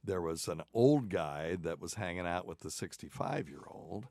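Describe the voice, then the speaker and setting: A man's voice: deep voice, expressive, normal speed, gravelly, darkish tone, dry recording. A man hosting a casual talk show, telling a long rambling story and chuckling often. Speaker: podcast host. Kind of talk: casual chat.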